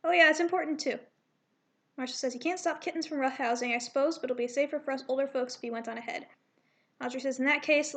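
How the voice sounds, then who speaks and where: A woman's voice: high-pitched, fast talker, a bit bright. A woman casually reading through her draft comic aloud, voicing the characters and adding rambling, self-correcting asides.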